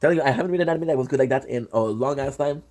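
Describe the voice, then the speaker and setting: A man giving casual, excitable reaction commentary on a manga, swearing often and full of fillers and restarts. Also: medium pitch, very fast. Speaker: manga reviewer.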